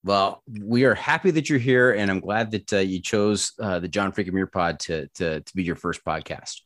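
A man's voice: deep voice, normal speed, fairly bright tone, no room sound, studio quality. A man hosting a podcast interview, chatty and joking, often stumbling over his words. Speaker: podcast host. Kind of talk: casual interview.

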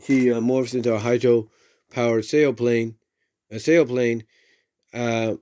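A man's voice: mid-range voice, fairly even intonation, takes it slowly, dark tone. A man giving a casual, loosely worded recap of a story, stopping often to search for words and repeating the same stock phrases. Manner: rambling, many fillers and restarts, repeats "if you will".

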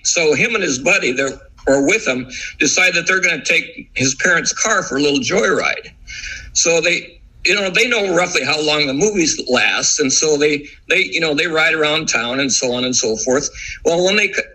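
A man's voice: fairly high pitch, bright, forceful tone, slightly rough, poor audio. A middle-aged man, a guest author, telling long rambling stories in a casual chat with many restarts. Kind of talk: casual storytelling.

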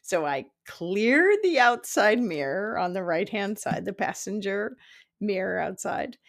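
A woman in her fifties, a psychic development teacher, telling a personal story in casual talk, animated, laughing often and acting out what people said. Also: medium pitch, a little slow, creaky. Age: 50s. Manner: animated, laughs often, acts out quoted dialogue.

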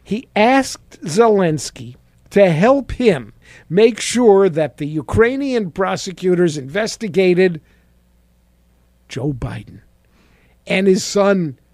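High-voiced, sarcastic male radio host. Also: expressive, takes it slowly, darkish tone, no room sound, clean studio sound. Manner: sarcastic, mocking. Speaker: radio talk show host. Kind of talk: political commentary on talk radio.

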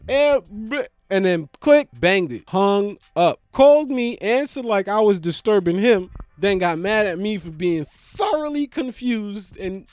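A man tells a comedic rant in an exaggerated, swinging manner. His voice sits high and moves all over the place. The sound is dry and close, with no room around it. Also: expressive, a little slow, no room sound. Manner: exaggerated, swings into low put-on voices for callers. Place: indoors at home.

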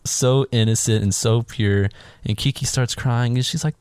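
A man in casual podcast chat, retelling a film scene by scene and acting out the characters in higher voices. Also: normal speed, smooth, dry recording. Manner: animated, acts out characters' lines in higher voices.

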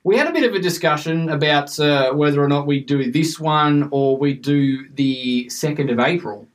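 Man, podcast host, casual chat, slightly high voice, lots of ums. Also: moderate pace, distant mic. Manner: relaxed, chatty, with frequent fillers.

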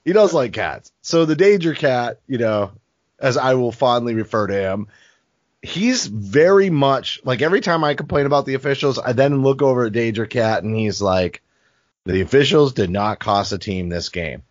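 A man's voice: medium pitch, animated, normal speed, dry recording, highs cut off. A man co-hosting a sports podcast, talking bluntly and with frustration, swearing casually. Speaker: podcast co-host.

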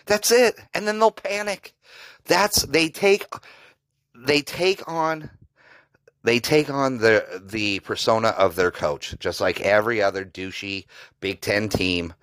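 A man's voice: fairly low pitch, takes it slowly, fairly bright tone, dry recording, poor audio. A man hosting a solo sports podcast, ranting sarcastically and profanely about a rival team's staff. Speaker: podcast host. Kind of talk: solo sports reaction rant.

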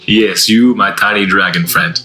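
Deep voiced guy playing d&d, really sharp bright tone, dry delivery. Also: steady tone, unhurried, soft background music, poor audio. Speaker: player. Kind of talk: tabletop role-play.

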